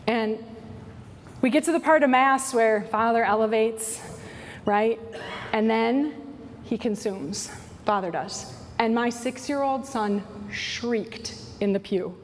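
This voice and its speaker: A woman in her forties giving a workshop talk to church staff, telling stories in an animated way and often adding "right?". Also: fairly high pitch, slow. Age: 40s. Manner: animated storytelling, tag questions like "right?". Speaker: workshop speaker. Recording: hall reverb, faint noise.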